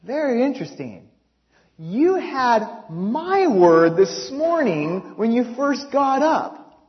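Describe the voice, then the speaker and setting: A man voicing God in a sermon story, calm and gently rebuking with probing questions. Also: very high-pitched, slow pace, full character voice. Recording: dull lo-fi recording.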